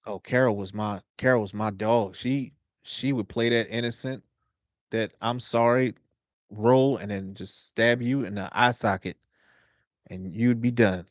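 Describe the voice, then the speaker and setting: Animated man joking on a dry livestream. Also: fairly low pitch, measured pace, no echo. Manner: animated, joking, slangy banter. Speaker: livestream host reacting to a TV episode. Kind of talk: casual reaction chat.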